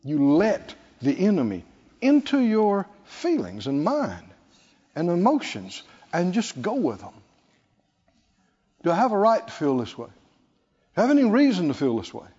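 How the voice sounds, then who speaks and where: A man preaching a sermon, lively and playful, acting out scripture scenes with laughter. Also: sits high, unhurried, pauses often, husky. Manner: animated, acts out Bible figures with laughter. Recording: lo-fi recording in a reverberant hall.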